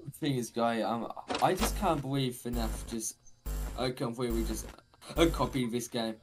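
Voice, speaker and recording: A man chatting with friends over a horror game, loud and goofy, laughing a lot. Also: mid-range voice, normal speed, soft background music. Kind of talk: casual gaming commentary.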